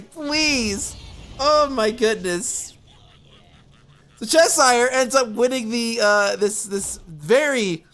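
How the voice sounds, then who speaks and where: A man casting a strategy game match, excitable, often laughing and yelling advice at the players. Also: very high voice. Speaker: game caster. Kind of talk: esports match commentary.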